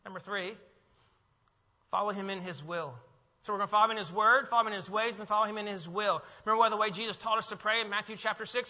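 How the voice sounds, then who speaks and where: A man preaches a sermon with a high, very bright voice, swinging between hushed reflection and emphatic, rising declarations. The recording is muffled and carries a long reverb from the church hall. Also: fairly even intonation, quick pace. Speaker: pastor. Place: church sanctuary.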